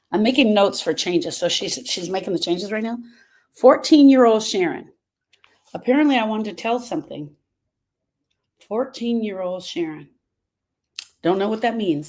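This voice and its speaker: Chatting informally on a live stream, an earnest grief coach wanders off topic and says things more than once. Her voice is mid-range with a darkish tone.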